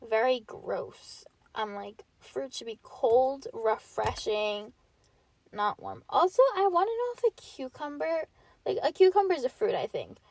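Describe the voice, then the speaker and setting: A young woman rambles through a casual solo podcast, her voice a little stuffy and sniffly from a cold. She sits fairly high in pitch and piles on filler words as she talks. The sound is close and dry, with no room around it. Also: lively intonation, a little slow, vocal fry, a little mellow, no room sound. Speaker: podcast host.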